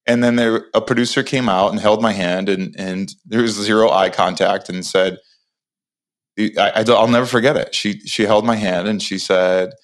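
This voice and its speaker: A man in his forties, a podcast guest, telling an animated story with many restarts and acted-out lines. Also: lowish voice, normal speed. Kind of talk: casual storytelling interview.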